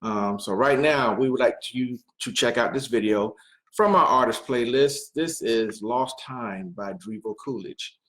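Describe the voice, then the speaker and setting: A man's voice: mid-range voice, unhurried, fairly bright tone. A man hosting a talk radio show, making loose, unscripted announcements with frequent fillers.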